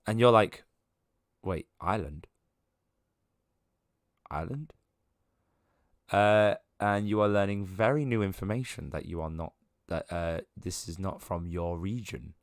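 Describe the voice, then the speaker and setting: A man's voice: sits low, moderate pace, few pauses, clear, resonant tone, dry recording, studio quality. A man narrating a tabletop game as game master, rambling with many fillers.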